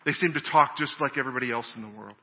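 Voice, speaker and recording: A male pastor preaching a sermon in an earnest, measured way, often restarting his phrases. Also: medium pitch, big-room sound, highs cut off.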